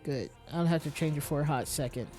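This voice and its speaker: Quiet wry game streamer. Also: mid-range voice, fast talker. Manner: quiet, wry, reads item names aloud. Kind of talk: casual game commentary. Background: faint game music.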